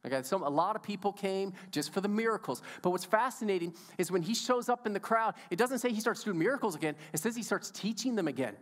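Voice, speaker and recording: High-voiced enthusiastic pastor in an echoing hall. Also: male voice, animated, quick pace, few pauses, fairly bright tone. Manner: enthusiastic, playful, audience interaction. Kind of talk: sermon. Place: church sanctuary. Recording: long church hall reverb.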